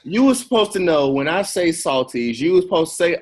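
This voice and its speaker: A man's voice: a little high, expressive, brisk, a little mellow. A man hosting a podcast over a video call, teasing his guest in playful, profane banter. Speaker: podcast host.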